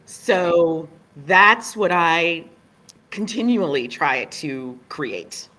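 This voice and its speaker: A middle-aged woman from Virginia with a Southern US accent, a playwright and director chatting as an interview guest and telling stories animatedly. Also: very slow. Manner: animated storyteller, acts out voices with big pitch jumps. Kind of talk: casual interview chat.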